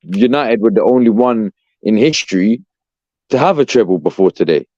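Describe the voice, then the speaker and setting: A man's voice: on the low side, expressive, moderate pace, darkish tone, dry recording. A young man ranting as a podcast co-host, profane and exasperated, saying "bruv" constantly. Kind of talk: heated fan rant. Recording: dull, dry lo-fi sound.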